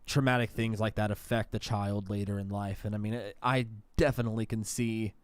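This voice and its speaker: A man's voice: fairly low pitch, level tone, a little fast, clean tone, dry recording. A man co-hosting a podcast in casual chat, rambling and restarting his sentences often. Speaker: podcast co-host.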